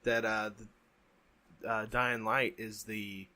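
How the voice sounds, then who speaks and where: A man co-hosting a casual podcast, talking in a halting, rambling way with many restarts. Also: on the low side, level tone, bright, forceful tone. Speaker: podcast co-host. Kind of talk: casual chat. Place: home, during a thunderstorm.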